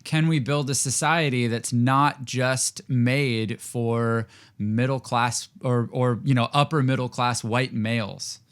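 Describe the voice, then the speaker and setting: Man, podcast host, mid pitch, relaxed conversational listener who chimes in briefly. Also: slow, clean tone. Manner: brief affirming backchannels. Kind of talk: casual chat.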